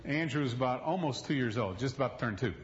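A man's voice: medium pitch, expressive, fast talker, lo-fi sound. Folksy, emphatic male preacher. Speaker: pastor. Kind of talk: sermon.

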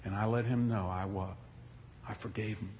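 A man's voice: fairly low pitch, fairly even intonation, normal speed, darkish tone, highs cut off, a little hiss or hum. A male pastor preaching a sermon in a folksy, emphatic storytelling manner, recorded in a church.

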